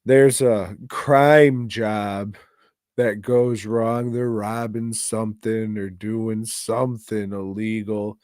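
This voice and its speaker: A man's voice: on the low side, level tone, slow pace, a little mellow, no room sound, clean studio sound. A man co-hosting a podcast, giving a rambling, profane and exasperated movie review in casual chat. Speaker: podcast co-host.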